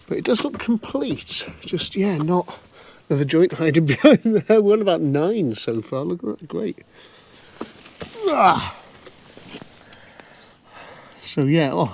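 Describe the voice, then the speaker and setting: A vlog host with a high voice and slight background noise gives running commentary to the camera as he sizes up an old car in a cold scrapyard. He's wry and chatty, muttering to himself as he goes.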